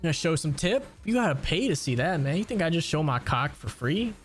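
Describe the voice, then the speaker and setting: A man's voice: fairly high pitch, big pitch swings, brisk, faint music behind. A young man streaming a game, chatting casually with a crude, joking manner, answering chat and laughing often.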